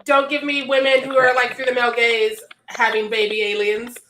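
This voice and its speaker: A woman's voice: fairly high pitch, flat delivery, normal speed, a bit bright, a little hiss or hum. A woman on a podcast ranting bluntly and with exasperation in casual chat. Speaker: podcast co-host. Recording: echoey room.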